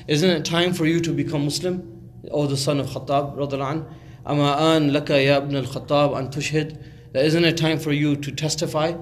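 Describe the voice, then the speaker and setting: A man's voice: mid-range voice, slight background noise. A man telling a story in a conversational sermon, with many fillers and restarts and recited Arabic phrases. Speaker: Islamic speaker.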